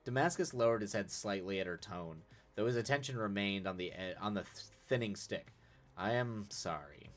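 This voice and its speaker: A man's voice: fairly low pitch, expressive, a little fast. A man streaming live, reading a story aloud with casual asides, laughing and correcting his own slips. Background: faint music.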